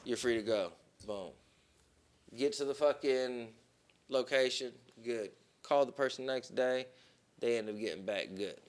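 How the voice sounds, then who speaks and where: A man on a podcast telling a long story in casual, profane talk, with plenty of "boom" and "right?". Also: measured pace, clear, resonant tone. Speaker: podcast co-host.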